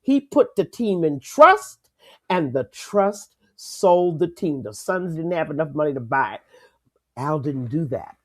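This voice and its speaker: Animated woman talking sports. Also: low-pitched, unhurried. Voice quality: lively, emphatic, laughs easily. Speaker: co-host. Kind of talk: casual sports talk.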